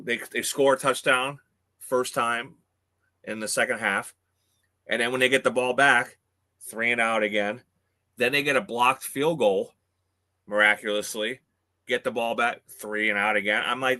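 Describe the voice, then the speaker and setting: A man co-hosting a sports podcast, talking casually with many pauses and fillers. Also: mid-range voice, fairly even intonation, bright, forceful tone. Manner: hesitant, lots of uh and um. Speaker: podcast co-host.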